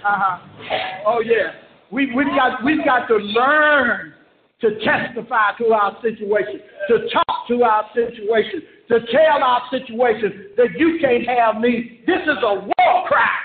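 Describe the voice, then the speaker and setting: A man preaching a fervent sermon, repeating phrases and shouting, heard over a conference call. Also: extremely high pitch, unhurried. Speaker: pastor. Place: church service. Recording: echoey, tinny conference-call line.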